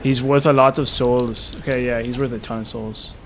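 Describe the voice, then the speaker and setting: A man's voice: medium pitch, fairly even intonation, moderate pace, a little hiss or hum. A man giving casual, rambling gameplay commentary as a streamer, chatty and full of filler words. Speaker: game streamer.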